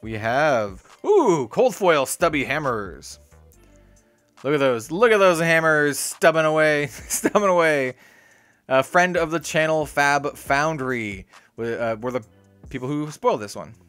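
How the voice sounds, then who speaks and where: A young man hosting a card-opening video in a small hot room, rambling and excitable, talking about being sweaty and needing to calm down. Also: fairly high pitch, unhurried, dry recording, faint music behind. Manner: excitable, rambling, lots of "dude" and "like". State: sweaty and worked up. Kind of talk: casual case-opening commentary.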